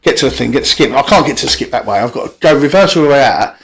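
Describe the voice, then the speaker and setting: A man's voice: mid-range voice, animated, rapid-fire, a bit bright. A middle-aged man telling rambling, sweary stories in a casual podcast chat, full of restarts.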